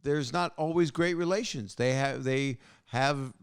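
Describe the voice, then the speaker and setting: A man's voice: mid-range voice, measured pace, vocal fry, clean tone. A man hosting his podcast in casual chat, joking and rambling with frequent restarts. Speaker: podcast host.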